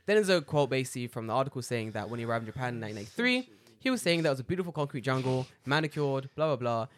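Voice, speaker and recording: A man's voice: mid-range voice, very animated, rapid-fire. A man in his thirties with a London accent, co-hosting a casual chat and telling stories with lots of swearing and acted-out quotes. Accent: London English. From United Kingdom. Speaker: podcast co-host.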